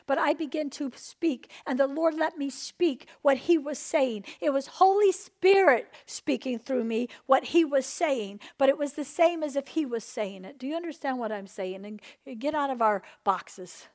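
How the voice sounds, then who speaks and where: Woman preacher, high voice, impassioned charismatic testimony, from hushed to loud. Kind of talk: charismatic sermon.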